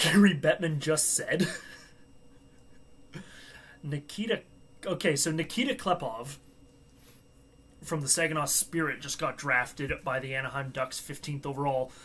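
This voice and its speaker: A man's voice: fairly high pitch, sharp tone, husky. A man hosting a live stream, chatting casually and joking to himself with frequent laughs. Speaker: livestream host.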